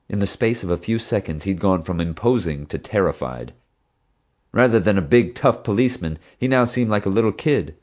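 Low male narrator, steady scripted read. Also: fairly quick. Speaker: audiobook narrator.

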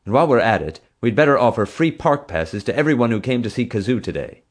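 A man's voice: mid-range voice, very animated, quick pace, pitched above the performer's own voice. A man reading an audiobook voices a stern, commanding female theme park boss who gives curt orders. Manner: curt, bossy, clipped orders.

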